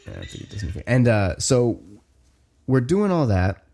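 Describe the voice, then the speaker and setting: A man in his thirties, a podcast co-host telling a long story in casual chat, animated, with lots of "like" and swearing. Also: medium pitch, normal speed, soft background music.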